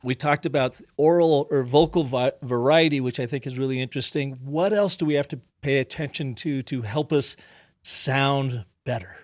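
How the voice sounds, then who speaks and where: A man's voice: mid-range voice, normal speed, dry recording, clean studio sound. A man hosting a podcast, asking questions in a conversational way and setting up scenarios. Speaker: podcast host. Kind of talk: podcast interview.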